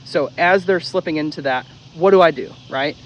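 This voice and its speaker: This dog trainer's voice sits fairly high, and he speaks at a normal speed over poor audio with some background noise. His casual lesson on correction goes step by step, bluntly, with plenty of swearing and a drill-like repetition of the main steps.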